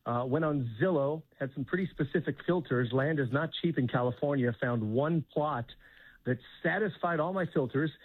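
A man calling into a radio show as a guest, telling a comic story in a mock-serious, deadpan way. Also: a little high, moderate pace, no room sound. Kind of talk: phone-in interview, humorous. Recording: tinny phone line.

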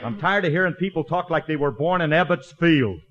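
A boastful wisecracking bandleader. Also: male voice, fairly high pitch, expressive, a little fast, a bit bright. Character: boastful wisecracking bandleader husband, grown man. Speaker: radio comedy lead. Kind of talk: 1940s radio comedy acting. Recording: muffled old radio broadcast with hiss. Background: studio audience laughter.

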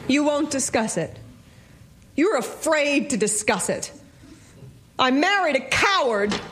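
An actress playing an impulsive young newlywed wife who is indignant, pleading and quick to tears. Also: female voice, high-pitched, big pitch swings, background noise, exaggerated voice. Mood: angry. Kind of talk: stage-play acting.

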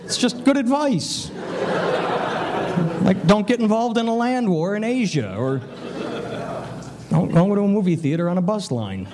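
Lively high-voiced stand-up man. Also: normal speed, long pauses. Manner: deadpan one-liners. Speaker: stand-up comedian. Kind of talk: stand-up routine. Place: comedy club stage. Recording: loud crowd and noise.

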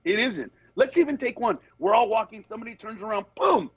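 A man, a comedian guest, telling stories in casual chat, animated and acting out other people in high voices, then turning earnest. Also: a little fast, slightly rough, poor audio. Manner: turns earnest and reflective. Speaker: comedian guest on a talk show.

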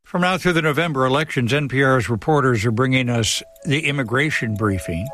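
A man hosting a radio news program, introducing segments and asking questions in a measured way. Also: mid-range voice, fairly bright tone, soft background music. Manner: measured interviewer.

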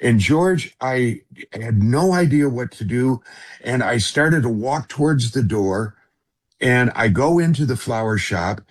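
A middle-aged man speaks as an interview guest, telling a personal story in an earnest, halting way. His voice sits at a middle pitch, and he often turns to address the host by name. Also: animated.

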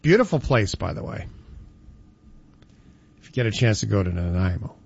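A man's voice: lowish voice, vocal fry, breathy edge, no echo, highs cut off. A man hosting a radio show, chatting casually and joking with his co-host. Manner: animated, joking, does quick voices in anecdotes. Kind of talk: casual banter.

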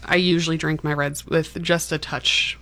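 A woman walks through a wine in a halting way, dropping ums between phrases. Her voice sits very low, with a faint ambient hum behind her. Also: flat delivery, fairly bright tone. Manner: hesitant, many ums. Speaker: wine guest. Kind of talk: casual chat.

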